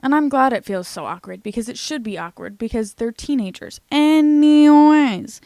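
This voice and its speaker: A woman's voice: a little high, no room sound. Chatty young woman recapping a show. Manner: chatty, animated, swears casually. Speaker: recap vlogger. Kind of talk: casual TV recap commentary.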